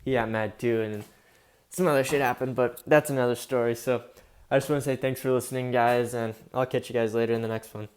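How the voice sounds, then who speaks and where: A young man tells a story the casual way, looping back on himself with constant fillers and a fair bit of swearing. His voice sits right in the middle of the usual range, neither high nor low. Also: fairly even intonation, brisk, darkish tone, smooth. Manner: rambling, heavy on fillers and profanity. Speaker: vlogger.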